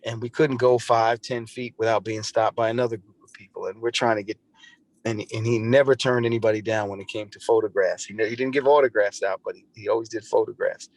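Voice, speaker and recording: Talking fast with fairly even intonation, a man whose voice is on the low side tells a personal story as a podcast guest, and no room sound is heard. His storytelling is earnest and conversational, full of repeated and restarted phrases.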